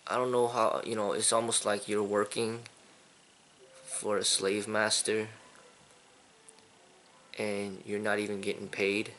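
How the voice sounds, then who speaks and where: A kung fu channel host delivers a casual, indignant opinion monologue, repeating himself and using many fillers. His voice is low and fairly bright with little pitch movement, at a measured pace with long pauses, over slight background noise.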